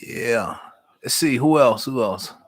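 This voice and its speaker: A man's voice: medium pitch, lively intonation, slow pace, breathy edge. A middle-aged man, hosting a live stream and chatting casually with viewers in a folksy, storytelling way. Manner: folksy, storytelling, warm Southern American speech with "y'all".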